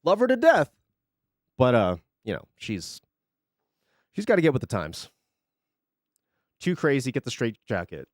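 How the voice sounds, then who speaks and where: Sarcastic, lively young male streamer. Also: medium pitch, measured pace, long pauses, no room sound, clean studio sound. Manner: sarcastic, profane, rambling. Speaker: live streamer. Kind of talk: casual chat on a live stream.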